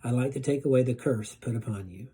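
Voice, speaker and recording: Man playing a soft-spoken fairy godmother grandma, dark, husky. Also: medium pitch, fast talker. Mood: gracious. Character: kind grandmother fairy godmother, warm and proud.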